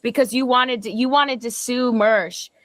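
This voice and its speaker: Young woman, agitated rant, rambling, swearing, fairly high voice, dry close sound. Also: measured pace, no room sound. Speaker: livestream guest. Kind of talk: livestream call and rant. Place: indoors at home.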